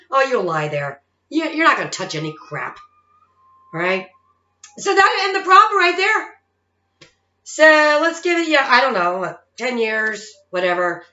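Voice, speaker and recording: A woman's voice: mid-range voice, pushed and bright. A woman in her fifties, a psychic-medium vlogger, ranting in a casual monologue and tagging her points with "okay?" and "all right?". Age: 50s. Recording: roomy, dull lo-fi sound.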